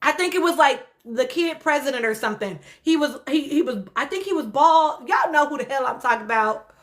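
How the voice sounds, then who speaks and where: A woman's voice: high-pitched, lively intonation, brisk. A woman hosting a casual livestream, laughing often and talking straight to her viewers. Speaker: livestream host. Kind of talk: casual live-stream chat reacting to comments.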